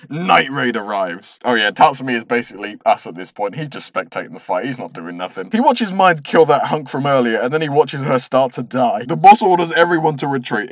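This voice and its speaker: A man's voice: mid-range voice, dry recording. A man narrating a comedic anime recap, sarcastic and swearing freely, ranting with exaggerated outrage.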